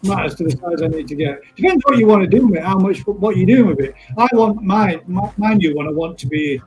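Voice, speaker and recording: A man's voice: high-pitched, expressive, a little fast, darkish tone, dull audio, faint music behind. A man hosting a live stream, chatting casually and laughing often as he calls people mate.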